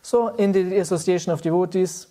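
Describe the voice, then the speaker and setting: Male spiritual teacher, warm low-key delivery, laughs easily. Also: brisk. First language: German. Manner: chuckles often, relaxed and storytelling. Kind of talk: devotional talk to a group.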